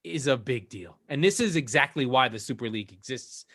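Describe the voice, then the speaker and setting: A man co-hosting a casual football podcast, animated and profane, his pitch jumping up when he makes a point. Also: fairly quick. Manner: animated, profane, rising to high emphatic pitch. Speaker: podcast co-host. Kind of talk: casual sports chat.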